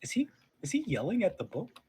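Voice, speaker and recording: A man's voice: high-pitched, huge pitch swings, fairly quick, darkish tone. A man role-playing in a tabletop game, speaking hesitantly and sounding puzzled. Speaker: player. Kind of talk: in-character role-play.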